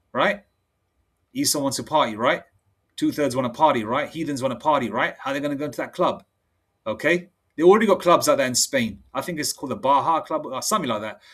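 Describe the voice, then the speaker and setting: Man, preacher, casual slangy sermon, slow scripture reading, mid-pitched. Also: a bit bright, slightly rough. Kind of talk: informal online sermon and Bible study.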